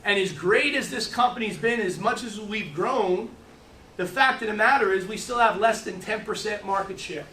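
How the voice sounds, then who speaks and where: A high, bright and forceful voice belongs to a middle-aged man giving motivational sales training. He rushes through stories and keeps restarting sentences mid-thought. The recording has a distant mic, echoey room acoustics and slight background noise.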